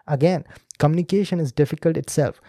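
A man's voice: a little high, fast, mellow, no room sound, studio quality. A man, a podcast host and speaking coach talking listeners through a video clip in a teacherly way, speaking to them directly. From India. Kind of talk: explanatory commentary on a video clip.

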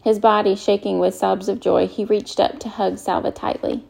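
A woman narrates a novel in a calm, measured way. Her voice is mellow and dark, with a gravelly edge of fry. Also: medium pitch. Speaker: audiobook narrator. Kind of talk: scripted narration.

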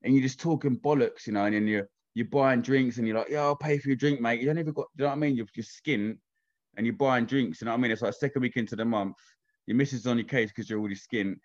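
A man's voice: mid-range voice, fast talker, highs cut off. A man chatting casually, swearing freely and often asking whether he is understood. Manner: chatty, swears freely, keeps asking "do you know what I mean". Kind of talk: casual chat.

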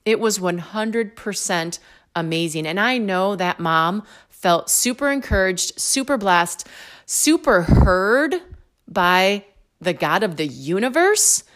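A woman telling a personal faith story with animated storytelling, acting out both sides of the dialogue. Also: medium pitch, slow.

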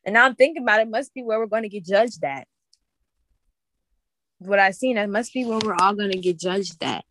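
A young woman earnestly recounting a vision in halting, repetitive casual speech. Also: mid-range voice, a bit bright, slight background noise. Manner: earnest, halting, repeats herself. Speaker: guest sharing a vision. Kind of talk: casual testimony.

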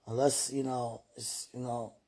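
Very husky, slow-spoken woman praying. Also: very deep voice, level tone. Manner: murmured, soft-spoken, self-soothing. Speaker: mother. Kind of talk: emotional spoken prayer.

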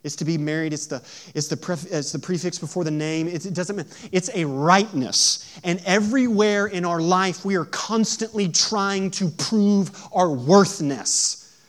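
A pastor delivers a sermon in a somewhat high voice. He puts questions to the congregation. His delivery swings between hushed, storytelling passages and loud, emphatic preaching. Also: normal speed. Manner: asks the audience questions.

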